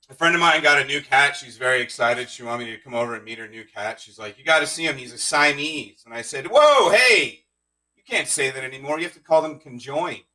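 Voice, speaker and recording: Male stand-up comic, deadpan one-liners, bright tense tone, heard from off the mic. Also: medium pitch, fast, hardly any pauses, distant mic, rough recording. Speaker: stand-up comedian. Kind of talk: stand-up set streamed live.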